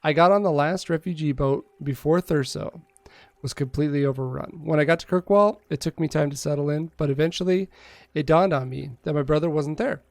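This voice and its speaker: Gravelly man reading game text aloud. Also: on the high side, a little fast, no echo. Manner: casual, joking, reads text aloud with asides. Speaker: game streamer. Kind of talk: reading game dialogue aloud and chatting with viewers.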